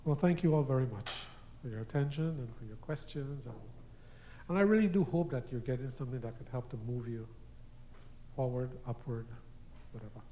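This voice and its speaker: A man's voice: medium pitch, a little fast, dark tone, lo-fi sound, a little hiss or hum. A man preaching a sermon, telling everyday stories and acting out quoted voices, sometimes repeating words as he goes. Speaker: guest preacher. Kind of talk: sermon teaching.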